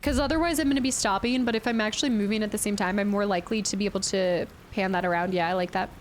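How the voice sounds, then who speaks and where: A woman's voice: mid-range voice, fairly even intonation, very fast, slight background noise. A woman streaming a game in a chatty, playful way, thinking aloud and thanking viewers from chat. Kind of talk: casual gameplay commentary.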